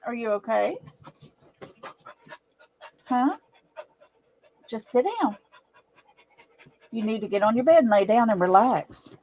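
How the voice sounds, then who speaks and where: Slow-talking middle-aged woman chatting live from home. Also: on the high side, darkish tone, dull audio. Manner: chatty, laughs often, fusses over her dog. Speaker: livestream host. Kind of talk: casual livestream chat. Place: at home, indoors.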